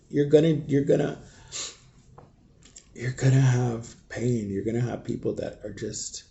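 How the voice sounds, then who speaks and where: Grieving man with a very dark voice. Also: mid-range voice, creaky. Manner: halting and raw, often dropping to a near whisper. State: grieving, shaken. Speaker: vlogger. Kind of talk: emotional storytime vlog.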